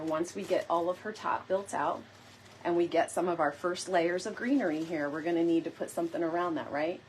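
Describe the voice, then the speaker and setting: A woman's voice: lowish voice, darkish tone, slight background noise. Chatty woman hosting a craft stream. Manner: chatty, playful, addresses viewers often. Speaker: DIY decor host. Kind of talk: casual live crafting chat.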